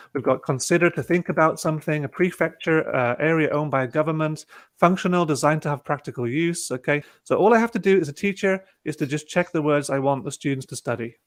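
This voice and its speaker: Over a video call, a man presents a teaching platform in a casual online webinar demo. His voice is fairly high and fast, and he relaxedly talks through each click step by step, with fillers.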